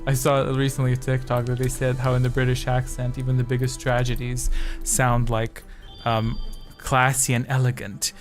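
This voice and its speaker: Guy streaming a quiz, just rambling and joking between questions, mid pitch, faint music under him. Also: monotone, normal speed. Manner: rambling, chatty, jokey asides. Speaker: streamer hosting a quiz game. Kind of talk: casual live-stream chat.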